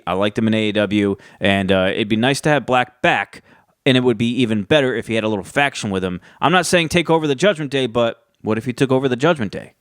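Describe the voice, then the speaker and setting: A man's voice: medium pitch, clear, resonant tone, dry recording, studio quality. A man giving a casual, rambling recap of a wrestling show, with frequent fillers and restarts. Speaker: wrestling commentary YouTuber.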